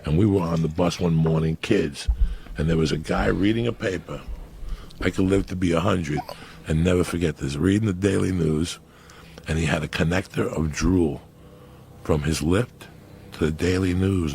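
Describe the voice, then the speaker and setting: A man in his fifties from Cuba, telling crude stories on a podcast in a profane, animated way. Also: deep voice, moderate pace, gravelly, slight background noise. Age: 50s. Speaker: comedian guest. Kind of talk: storytelling on a podcast.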